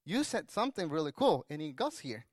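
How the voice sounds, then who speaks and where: High-voiced pastor preaching a sermon. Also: male voice, big pitch swings, a little fast, no echo.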